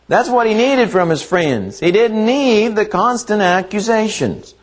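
A male preacher delivers a sermon at an unhurried, deliberate pace. He talks earnestly and leans on repeated phrases to drive each point home. His voice sits slightly high for a man. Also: animated.

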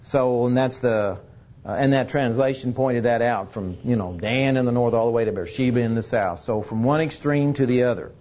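A man teaching a casual Bible lesson, talking haltingly with many fillers and restarts. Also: medium pitch, a little mellow, lo-fi sound.

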